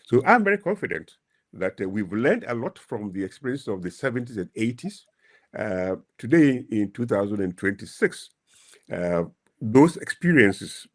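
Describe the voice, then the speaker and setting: A man speaking as a panelist in a webinar, measured and full of hesitations, heard over a video call. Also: medium pitch.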